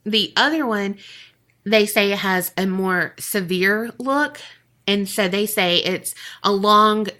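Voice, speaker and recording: Slow, bright-voiced woman storyteller. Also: mid-range voice. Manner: casual, profane, laughs often. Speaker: podcast co-host. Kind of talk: casual storytelling chat.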